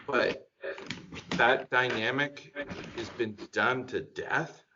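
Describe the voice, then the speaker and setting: A man's voice: medium pitch, slow, background noise. A man chatting casually on a panel, rambling with lots of fillers and getting enthusiastic. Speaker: podcast panelist. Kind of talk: casual group chat. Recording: dull lo-fi sound.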